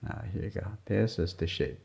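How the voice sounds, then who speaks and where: A man teaching a drawing lesson as he works, talking softly in short, simple, broken phrases. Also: deep voice, normal speed, creaky. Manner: soft-spoken, murmuring, simple broken phrasing. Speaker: art teacher. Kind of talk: drawing lesson narration while working. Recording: dull lo-fi sound.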